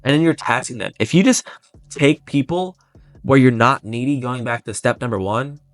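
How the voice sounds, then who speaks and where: A man coaching life insurance agents in a blunt, intense, motivational way, talking in quick bursts. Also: medium pitch, no echo. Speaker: life insurance sales trainer. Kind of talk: motivational sales coaching talk.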